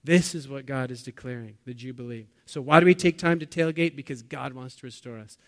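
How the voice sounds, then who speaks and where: A man preaching a sermon to his congregation, asking them questions and swinging between loud bursts and quiet, low lines. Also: brisk. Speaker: pastor.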